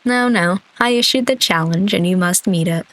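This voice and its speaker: A cool young woman rival who taunts with slow, unhurried smugness, voiced by a woman reading a story game. Her voice sits a little low and stays calm while she needles her opponents. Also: lightly acted, poor audio. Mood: haughty. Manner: smug, measured, taunting.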